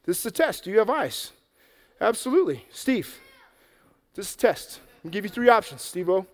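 A man telling a Bible story to children in a lively, playful way, acting it out and getting out of breath. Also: high voice, a little fast, long reverb tail. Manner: energetic, playful, acts out the story. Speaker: children's preacher. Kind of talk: animated Bible story for kids. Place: church hall with an audience.

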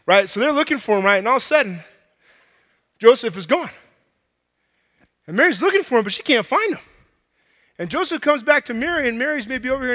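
High bright guy preaching, lively storyteller, long echo like a big hall. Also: fairly quick, long pauses. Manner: animated, playful storyteller. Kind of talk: sermon. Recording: long echoey hall reverb.

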